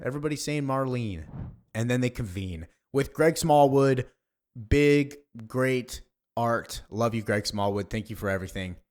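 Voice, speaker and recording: A man's voice: medium pitch, measured pace, a little mellow. A man casually narrating a comic book, adding chatty asides between the characters' lines. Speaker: comic reader, voice-over creator.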